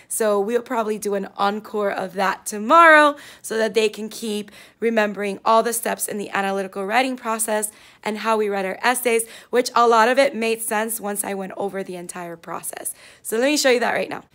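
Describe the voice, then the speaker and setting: A woman teacher with a raspy voice in a casual vlog, upbeat as she walks through her classroom lessons and materials. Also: mid-range voice, fairly quick, fairly bright tone. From South Florida. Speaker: fourth grade teacher.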